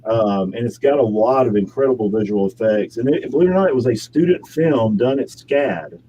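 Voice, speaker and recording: A man with a mellow, dark tone talks casually in an interview, rambling and correcting himself as he goes. Faint noise hums behind him. His pitch sits in the middle range. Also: expressive, brisk, rough recording. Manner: rambling, self-correcting, chatty. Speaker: actor guest.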